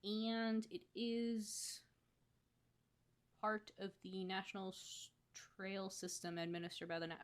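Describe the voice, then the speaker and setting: A woman's voice: medium pitch, little pitch movement, slow pace. Chatty woman podcast co-host. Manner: chatty, laughs easily, thinks aloud. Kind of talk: casual podcast chat.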